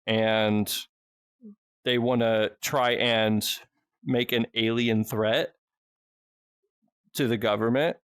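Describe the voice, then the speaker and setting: This podcast speaker, host or guest, rambles through a story slowly with long pauses, cursing nearly constantly and restarting as he goes. His middle-pitched voice has a clean tone and fairly even intonation, recorded dry and close with no room sound.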